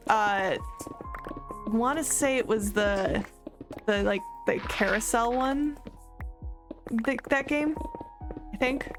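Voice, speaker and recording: A woman's voice: mid-range voice, a bit bright. A young woman streamer chatting casually while gaming, rambling and laughing often with lots of fillers. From United States. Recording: music playing behind her.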